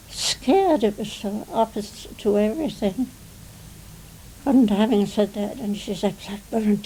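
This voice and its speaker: A woman's voice: fairly high pitch, warm tone, a little hiss or hum, low-quality recording. An English woman in her nineties, a retired stage actress reminiscing in a television interview, rambling and often adding "you see". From England. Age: 90s.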